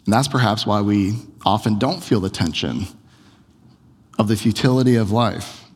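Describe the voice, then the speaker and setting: A man's voice: lowish voice, normal speed, husky, long reverb tail. A man preaching a sermon in a conversational way, firing off a chain of rhetorical questions. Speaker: pastor.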